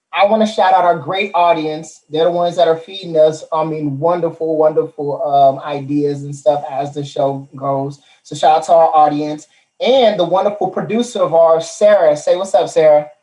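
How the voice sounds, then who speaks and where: A man hosting a live-streamed comedy chat show, loud, profane and excitable. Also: on the high side, moderate pace. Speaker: host. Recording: roomy echo.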